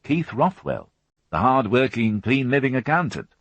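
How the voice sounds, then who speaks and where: A man reading a police inspector's lines in a measured, tactful way. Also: medium pitch, very animated, dry recording, highs cut off, pitched above the performer's own voice. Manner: measured, slow, tactful questioning. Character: middle-aged male police inspector, reserved and careful.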